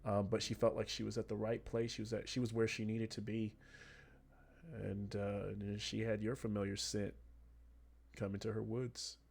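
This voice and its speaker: A man's voice: fairly low pitch, little pitch movement, normal speed, vocal fry, a little mellow. A man narrating as game master of a tabletop game in a loose, chatty way.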